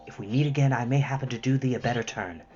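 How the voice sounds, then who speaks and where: A man voicing a stern, noble young king who speaks low and grave, often in a whisper. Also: quick pace, music in the background, natural voice. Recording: slightly muffled lo-fi recording.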